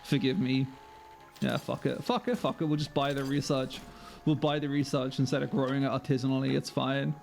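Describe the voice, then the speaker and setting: A man's voice: mid-range voice, level tone, brisk, creaky, a little mellow, a little hiss or hum. A man streaming a game live, chatting with viewers, sweary and self-mocking. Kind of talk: live gameplay commentary.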